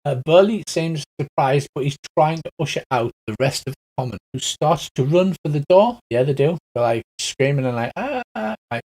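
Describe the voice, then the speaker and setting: A man's voice: a little high, brisk, few pauses, darkish tone. A man narrating as game master, chatty and laughing, acting out creatures and crowds as he goes.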